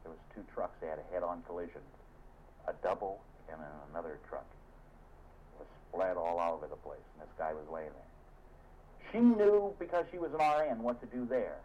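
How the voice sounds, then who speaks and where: A man preaching a sermon as a minister, telling stories with fervor and sudden swings of loudness. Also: low voice, very animated, brisk. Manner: fervent, dramatic storytelling with shifts of loudness. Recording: dull lo-fi recording with faint hiss.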